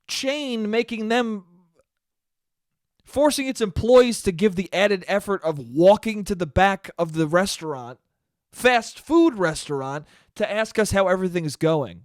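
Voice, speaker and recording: A man hosting a solo podcast, ranting in a profane, exasperated way with sudden loud spikes. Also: high voice, lively intonation, measured pace, dry recording, clean studio sound. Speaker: podcast host.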